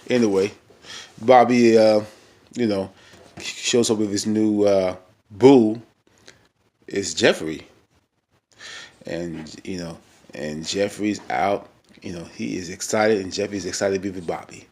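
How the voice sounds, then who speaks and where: A man's voice: fairly low pitch, slow pace, long pauses, darkish tone. A young man giving a casual, chatty recap of a reality show episode, full of fillers and acted-out quotes.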